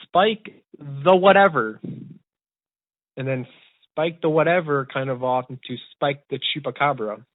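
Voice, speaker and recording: A man's voice: on the high side, unhurried, dry recording. A young man who works as a puppeteer, telling his story in a rambling, eager way full of restarts. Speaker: puppeteer and podcast host. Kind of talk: casual storytelling chat. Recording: tinny phone-like dry sound.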